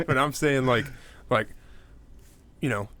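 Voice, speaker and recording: A young man co-hosting a casual true-crime podcast, talking loosely with lots of fillers and jumping into mocking high voices. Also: takes it slowly, a crowd in the background. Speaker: podcast co-host.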